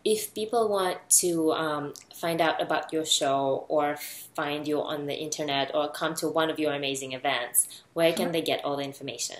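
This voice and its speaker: A woman hosting an interview, asking gentle, supportive questions in a slow, careful way. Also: low-pitched, roomy sound, low-quality recording. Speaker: interview host. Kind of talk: casual interview conversation.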